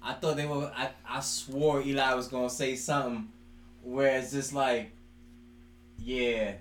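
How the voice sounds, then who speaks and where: A man with a New York accent, co-hosting a sports podcast in slangy, animated banter. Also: medium pitch, normal speed, echoey room, a little hiss or hum. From New York City. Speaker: podcast co-host.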